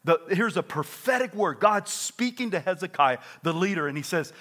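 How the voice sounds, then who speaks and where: A man preaching a sermon with lively delivery, dropping to quiet asides and rising to loud exclamations. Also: high-pitched, moderate pace, hardly any pauses. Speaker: pastor.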